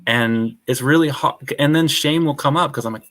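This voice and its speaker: A man's voice: medium pitch, moderate pace, fairly bright tone. A man speaking as a podcast guest, rambling openly about his feelings, full of "like" and casual swearing. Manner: rambling, heavy use of "like", frank and swears casually. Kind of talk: casual conversational podcast chat.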